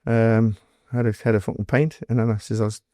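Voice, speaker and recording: A man's voice: on the low side, level tone, fairly quick, mellow, no echo, clean studio sound. Blunt Geordie man telling stories. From North East England. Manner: blunt storytelling, heavy swearing, acts out quoted dialogue. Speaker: guest, former doorman. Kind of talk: casual interview storytelling.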